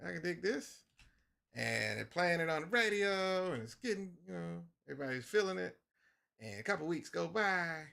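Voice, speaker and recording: A middle-aged man chats on a live stream while he draws a comic. His bright, gravelly voice swoops up and down as he acts out his own indignant outbursts. He tells stories with a lot of energy. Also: a little high. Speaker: livestream host drawing a comic. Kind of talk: casual chat while working.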